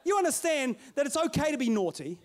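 A middle-aged male pastor telling a story in a sermon, playful and animated, calling out to his congregation. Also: very high-pitched, a little fast.

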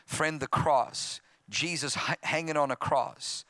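Slow and steady in tone, this Australian pastor in his fifties has a voice on the high side, heard in a dry recording. He recounts his testimony in a sermon, performing different voices and growing loud and impassioned.

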